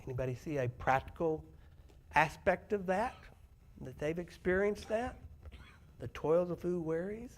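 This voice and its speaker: A man with a fairly high voice delivers a sermon in a church. He talks in a conversational way and often turns to the congregation with questions. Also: unhurried, pauses often. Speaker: preacher. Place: church sanctuary.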